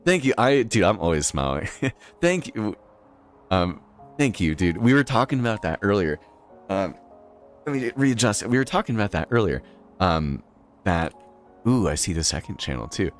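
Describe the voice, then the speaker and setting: Over soft background music, this man's lowish voice moves through big pitch swings at a moderate pace, broken by long pauses. He's from Boston, Massachusetts, and talks in that accent while casually chatting on a gaming stream, full of fillers and frequent laughter.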